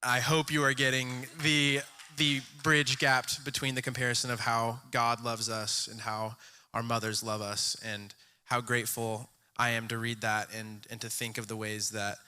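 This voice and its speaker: A man reading a poem aloud slowly and deliberately in front of a church congregation. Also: mid-range voice, flat delivery, pushed and bright, clear, resonant tone. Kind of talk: poetry reading.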